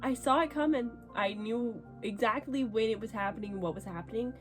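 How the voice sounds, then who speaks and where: A young woman vlogging casually about a book she is reading, with animated, dramatic reactions. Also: on the high side, brisk, over music. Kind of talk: casual reading vlog chat.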